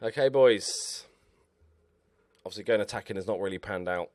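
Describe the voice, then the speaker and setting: A man commentating over his own football management game, excitable and swearing at his players. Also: fairly low pitch, normal speed, no room sound. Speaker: gaming YouTuber. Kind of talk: Let's Play commentary.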